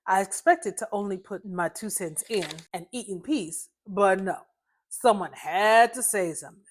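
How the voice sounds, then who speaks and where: Woman reading her short story, lively and chatty narration, medium pitch. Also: normal speed. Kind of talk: first-person story reading.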